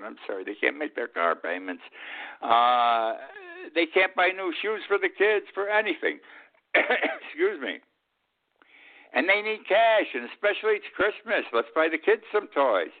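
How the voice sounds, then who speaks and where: A man's voice: medium pitch, vocal fry. A man hosting his own weekly radio talk show, giving blunt, indignant opinion commentary. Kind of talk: opinion monologue. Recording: tinny phone-like lo-fi sound.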